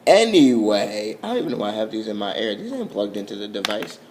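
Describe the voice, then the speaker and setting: A man's voice: fairly low pitch, very animated, racing, noisy background. A young man, rambling goofily in an overtired late-night vlog, his voice swooping up and down. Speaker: vlogger. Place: at home, filming on a phone.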